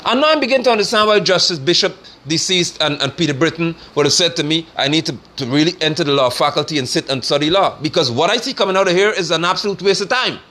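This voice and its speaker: A man giving forceful, scornful political commentary in a preaching manner. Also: fairly high pitch, expressive, quick pace, few pauses. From Guyana. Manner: forceful, scornful, rising to sermon-like declarations.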